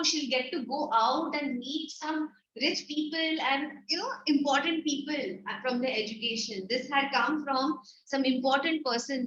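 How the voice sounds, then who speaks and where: A woman's voice: high voice, a bit bright. A woman, teaching an online class. She explains a story and reads its lines in character. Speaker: English teacher. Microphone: computer mic in an online class. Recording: roomy, dull lo-fi online lecture audio.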